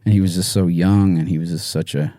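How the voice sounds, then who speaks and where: A man guest on a podcast interview, talking haltingly with many fillers and restarts, emotional and choked up. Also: low voice, fairly even intonation, mellow, no room sound, studio quality. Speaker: musician guest.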